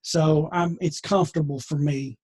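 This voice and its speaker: A man's voice: a little high, steady tone, moderate pace, a little mellow, breathy edge. A man leading a conversational Bible lesson, folksy and digressive with many restarts. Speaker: Bible teacher.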